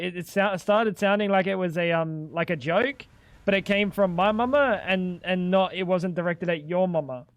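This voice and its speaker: A young man with a fairly high voice, chatting loosely while he plays a game on a livestream. He jokes, teases, and riffs back at his viewers in a relaxed, casual way. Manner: joking, chatty, talks back to chat. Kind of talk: casual gaming stream chat.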